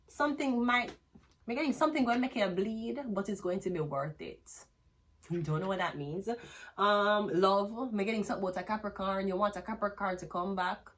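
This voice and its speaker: A woman's voice: medium pitch, a little fast, a bit bright. Woman, tarot reader, blunt, rambling, crude casual delivery. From Jamaica. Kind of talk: casual tarot reading with sung snippets.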